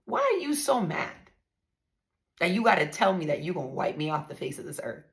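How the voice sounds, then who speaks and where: A woman's voice: lowish voice, sing-song, a little fast, creaky. A woman hosting a podcast, telling her own story in a blunt, emphatic way and speaking straight to her listeners. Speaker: podcast host. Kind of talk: candid storytelling monologue.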